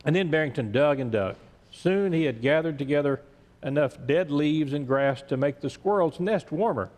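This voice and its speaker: A male pastor reading a story aloud in a church sermon, gentle and measured. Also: a little high, lively intonation. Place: large church sanctuary. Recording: echoey church sanctuary.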